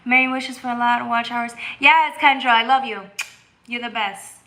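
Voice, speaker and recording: A woman's voice: fairly high pitch, fairly even intonation, moderate pace. A woman hosting a tarot livestream, chatting casually and bluntly with viewers. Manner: blunt and scolding, reads chat aloud, bursts into loud laughter. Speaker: tarot reader and livestream host.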